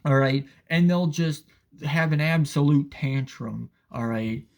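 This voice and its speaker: Sarcastic male ranter, casual and profane, a bit high-pitched. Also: measured pace, creaky. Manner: profane, sarcastic, repeats "all right". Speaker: commentator. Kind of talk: casual ranting commentary.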